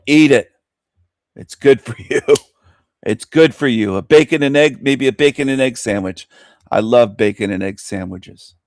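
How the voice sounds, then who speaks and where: A man's voice: lowish voice, dry recording. Man, radio host, shock-jock rant, crude, laughing, dry close sound. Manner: crude, ranting, laughs at own jokes.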